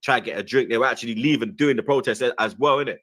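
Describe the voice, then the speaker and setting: A young man with a London accent tells an animated story, full of slang, acting out the voices of the people in it. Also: mid-range voice, very fast. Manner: lively, slang-heavy, acts out quoted voices. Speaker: guest.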